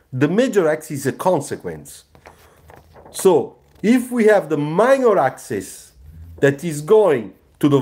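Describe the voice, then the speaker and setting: Male design teacher; slow, lively delivery, keeps asking "you see?". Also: on the high side, slightly rough. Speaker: car designer teaching sketching. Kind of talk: live drawing tutorial.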